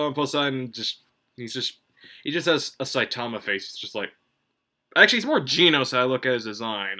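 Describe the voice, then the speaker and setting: A man reviews manga in a casual solo commentary, rambling, swearing freely, restarting sentences and filling gaps with "like" and "um." His voice is medium-pitched, bright and forceful.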